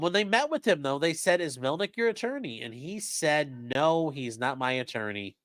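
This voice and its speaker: A man's voice: fairly high pitch, dry recording, clean studio sound. A man with a casual, profane manner, reading a court transcript aloud on a live stream and commenting on it. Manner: profane, animated, reads quotes in shifting voices.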